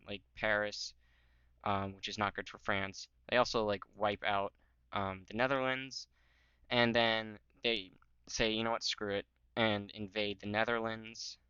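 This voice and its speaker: A man with a lowish, bright, crisp voice rambles casually over a history map. He fills the gaps with "um" and "like" and drops goofy jokes. The sound is slightly muffled and dry. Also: level tone, slow pace, no echo. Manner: rambling, filler-heavy, joking. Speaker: history channel host.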